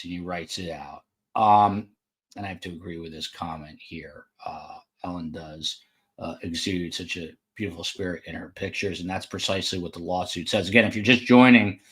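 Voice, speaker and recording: A man's voice: low voice, steady tone, normal speed, fairly bright tone. A man hosting a true crime podcast, talking casually from a hotel room with frequent fillers and side remarks. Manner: conversational, with frequent fillers and asides. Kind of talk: casual live commentary.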